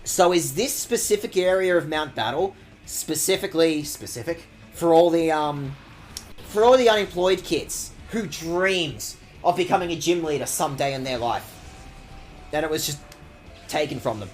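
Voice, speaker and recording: A man's voice: on the high side, lively intonation, moderate pace, faint music behind. Sarcastic man streaming a game. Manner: sarcastic, rambling, mock-outraged asides. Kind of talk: sarcastic let's-play commentary.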